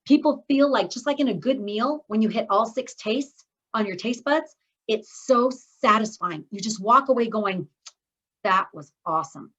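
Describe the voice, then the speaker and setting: A woman's voice: on the high side, expressive, normal speed, a bit bright, highs cut off. A middle-aged woman teaching an online speaking course, upbeat and encouraging, talking straight to her students over a video call. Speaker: speaking coach.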